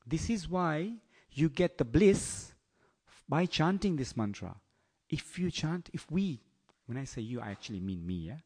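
Male preacher, slightly high voice, lively and teasing, takes audience questions. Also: unhurried, breathy edge. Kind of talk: storytelling sermon.

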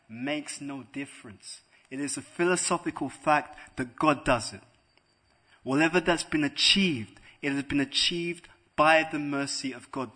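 A man with a somewhat high, husky voice delivers a devotional lecture to listeners in a room. He argues point by point and keeps checking in with a quick "right?" after his claims. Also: pushed and bright. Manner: rhetorical, keeps asking "right?". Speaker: spiritual lecturer. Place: room with a live audience.

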